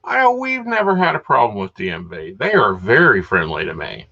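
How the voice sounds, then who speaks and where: A man with a bright, tense voice and a lively, swinging pitch, insisting on his point in casual chat. The recording is dull and lo-fi. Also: moderate pace, creaky. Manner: insistent, contradicting.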